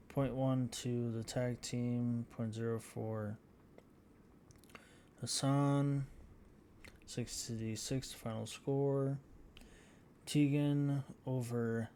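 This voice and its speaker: Slow, flat-voiced man reading out scores. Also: medium pitch, a little hiss or hum. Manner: halting, reads out scores with many fillers. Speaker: gaming channel host. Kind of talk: casual gameplay commentary.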